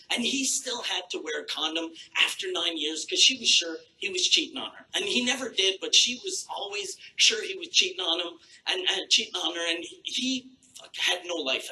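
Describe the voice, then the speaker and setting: A male stand-up comic on a live stage, his voice pitched high and very bright. He tells his story in jumpy, animated bursts that leap up and down in pitch. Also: a little hiss or hum, low-quality recording. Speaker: stand-up comedian. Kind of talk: stand-up set. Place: live comedy stage before an audience.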